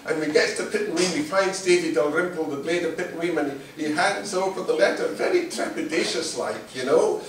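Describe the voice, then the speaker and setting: Man telling a folk tale live; lively, humorous, distant mic, heavy echo. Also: fairly high pitch, fairly quick, hardly any pauses, slight background noise. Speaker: storyteller. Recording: distant mic in a very echoey room.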